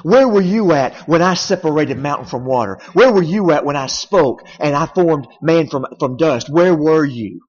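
A man's voice: on the high side, lively intonation, moderate pace, hardly any pauses. A man speaking as God in a sermon, challenging the listener with sarcastic rhetorical questions. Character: God, a stern, sarcastic questioning male deity. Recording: dull sound in a reverberant hall.

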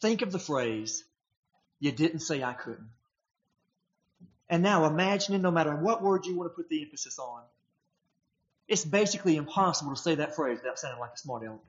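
A man's voice: a little high, expressive, a little fast, long pauses, dull audio. A man preaching a sermon, emphatic and posing rhetorical questions to his congregation.

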